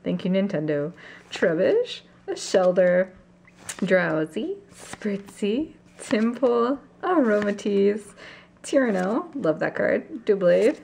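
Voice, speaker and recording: A woman vlogging a card pack opening, gasping and gushing with excitement as she reads out each card. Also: mid-range voice, measured pace, slight background noise. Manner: gasping, gushing, breathless exclamations. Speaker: YouTuber opening trading card packs. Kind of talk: excited unboxing vlog.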